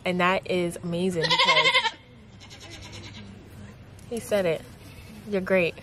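A woman's voice: lowish voice, wildly swooping pitch, slow. A young woman vlogger talking to her partner in a heartfelt, gushing way, with noise around her. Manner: heartfelt, gushing, many likes. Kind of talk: emotional casual vlog talk.

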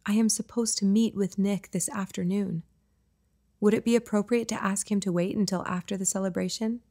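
A woman's voice: steady tone, brisk, mellow. Author-narrator, female, first-person audiobook reading, mid-range voice. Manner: voices the boys' lines higher and livelier. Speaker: author narrating her own novel.

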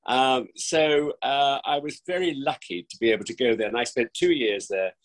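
A man's voice: medium pitch, moderate pace, rough recording. A man in his sixties, an actor from England's West Country, chatting effusively and theatrically as an interview guest, with frequent restarts. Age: 60s. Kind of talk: remote interview chat. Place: home during lockdown.

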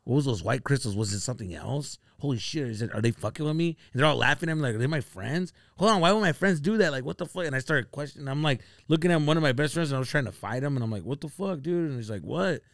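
A man on a comedy podcast telling a story casually, acting out his friends' lines with big jumps in pitch. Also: racing, few pauses, dry recording, studio quality. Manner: animated, acts out quoted friends with sudden jumps in pitch.

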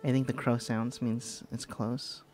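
A man doing live gameplay commentary as a VTuber streamer, excitable and giggly, panicking and repeating words in bursts. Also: mid-range voice, measured pace, faint music behind.

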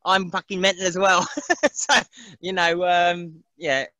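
Rambling, bright-voiced man. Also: high voice, little pitch movement, a little slow, no room sound. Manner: rambling, laughs often, mimics voices. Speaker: interview guest. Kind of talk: casual chat.

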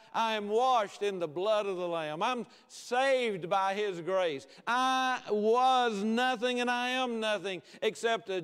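A man's voice: sits high, clear, resonant tone. Impassioned preacher man in a reverberant hall. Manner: impassioned preaching with rising emphatic repetition, then quiet prayer. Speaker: pastor. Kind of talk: sermon. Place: church sanctuary. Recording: long church-hall reverb.

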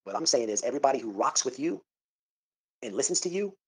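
A middle-aged man making a prank phone call on a live stream, loud, exasperated and rambling, repeating his words. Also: medium pitch, sing-song, fast talker, breathy edge.

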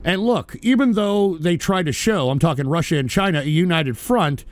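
A man hosting a live talk show, ranting angrily with profane, shouted outbursts and a habit of saying "all right". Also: on the high side, normal speed. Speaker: radio show host. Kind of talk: angry live-stream rant.

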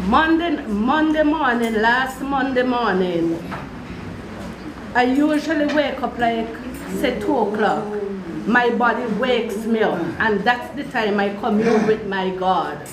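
High-voiced woman giving a slow funeral testimony. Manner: slow earnest storytelling with repeated phrases. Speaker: mourner giving a tribute. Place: church or hall at a funeral service. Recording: echoey room with background noise.

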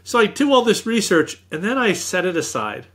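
Male guest author, bright forceful tone, husky, anecdotal and self-deprecating. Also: high voice, very animated, moderate pace. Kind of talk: storytelling in an interview.

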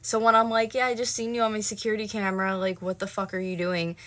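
Bright-voiced woman venting a storytime. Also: medium pitch, flat delivery, fast talker. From North America. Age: late 20s. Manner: heated, swearing, fillers of like. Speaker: vlogger. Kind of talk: casual storytime vlog.

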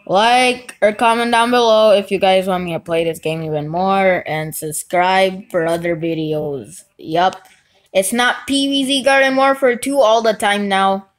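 A woman hosting a gaming channel, giving live gameplay commentary with excitable outbursts and rambling, unsure asides. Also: mid-range voice, a little slow. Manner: excitable, frequent outbursts and shouting.

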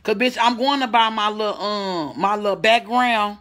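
A woman's voice: medium pitch, normal speed, a bit bright. A woman from the American Midwest hosting a casual, profane livestream from home, reading and answering viewer comments. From St. Louis, USA. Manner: brash, profane, reads viewer comments aloud. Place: at home, indoors.

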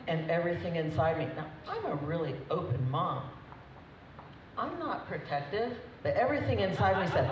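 A woman's voice: lowish voice, lively intonation, fairly quick, darkish tone. A woman, the groom's mother, giving a chatty, emotional, unscripted wedding toast with frequent laughs. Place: wedding reception hall. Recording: echoey dull hall recording from far off, crowd noise.

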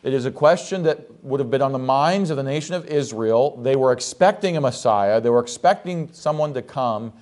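A male pastor delivers an expository sermon in a church at a middle pitch. He reads scripture aloud and pauses to ask the congregation questions. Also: animated, darkish tone.

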